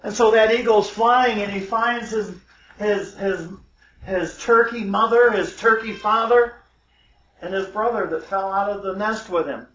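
A folksy man telling an animal fable at an unhurried pace, wandering into little asides as he goes. His voice sits high for a man. The sound is roomy and slightly dull, like a lo-fi recording in an echoey room. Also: a bit bright. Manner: folksy, digressive, self-amused asides. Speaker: storyteller.

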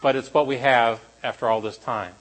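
A man delivers a sermon to his congregation in a mid-range voice. He moves between lively, raised emphasis and soft, solemn near-murmurs, and asks the room to respond. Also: medium pitch, moderate pace, poor audio. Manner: animated preaching, dropping to quiet emphasis. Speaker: pastor.

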